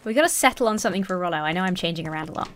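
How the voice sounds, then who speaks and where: A woman's voice: on the low side, animated, rapid-fire, slight background noise. A woman playing a story game, chatting casually and emotionally, often giggling, and reading lines aloud. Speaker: let's play streamer. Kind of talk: casual let's play commentary, reading character lines aloud. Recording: game music playing underneath.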